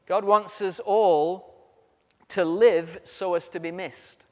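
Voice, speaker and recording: High-voiced British preacher in a hall. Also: male voice, fairly even intonation, takes it slowly. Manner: storytelling with humor, walks around while speaking. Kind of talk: sermon. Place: large convention hall. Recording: reverberant hall.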